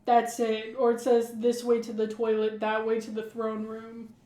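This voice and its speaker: A woman's voice: fairly high pitch, monotone, normal speed, dark tone. A young woman co-hosting a podcast, chatting casually and playfully, laughing often and acting out silly voices. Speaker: podcast co-host. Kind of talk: casual chat. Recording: echoey room.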